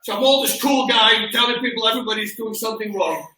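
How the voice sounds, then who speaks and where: A middle-aged man hosting a livestream, telling stories casually and loudly acting out what people said, from a mic across a large gym. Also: sits high, fast talker. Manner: animated storyteller who acts out quotes loudly. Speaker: host and martial arts coach. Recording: echoey gym, far from mic.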